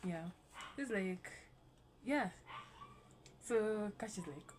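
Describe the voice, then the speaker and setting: A woman's voice: medium pitch, lively intonation, very slow, pauses often, a little mellow, a little hiss or hum. A young woman hosting a casual vlog, rambling and swearing lightly as she reads her old writing aloud. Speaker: YouTube host.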